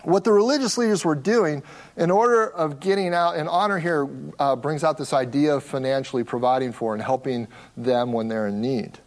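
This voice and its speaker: A man preaching a sermon as pastor, stressing key words slowly and emphatically. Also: fairly high pitch. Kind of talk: expository sermon.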